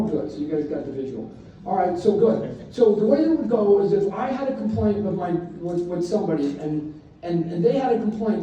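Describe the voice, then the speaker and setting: A man on a convention panel telling blunt, animated stories to a live audience, sometimes acting out his own shouting. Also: sits high, highs cut off. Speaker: comics creator speaking on a convention panel. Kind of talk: anecdotal storytelling to a live audience. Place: large convention hall panel. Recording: echoey hall, distant from mic, faint noise.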